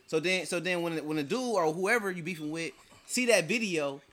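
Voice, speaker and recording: A man hosting a casual chat, joking and animated with lots of slang and laughter. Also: on the high side, a little fast. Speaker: podcast host.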